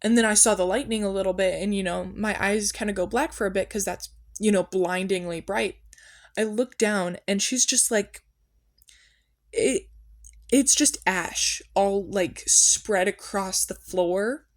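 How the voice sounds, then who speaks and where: Young woman host, chatty deadpan storyteller with a middling voice, loose and unscripted. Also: medium pitch, measured pace. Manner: casual, chatty, full of "like" and "um". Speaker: podcast host. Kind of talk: rambling deadpan fiction storytelling.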